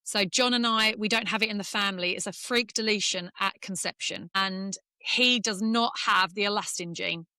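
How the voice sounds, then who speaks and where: A middle-aged English woman, a former golfer, talking candidly in an interview and speaking in quick, emotional bursts with restarts. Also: mid-range voice, bright, forceful tone, no room sound, studio quality. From England. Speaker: former professional golfer, guest.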